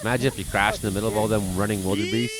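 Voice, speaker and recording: A man, hosting a weather show and giving casual commentary on video clips with jokey asides and excited outbursts. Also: fairly low pitch, rapid-fire, background noise. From Canada. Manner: chatty, exclaiming, jokey asides.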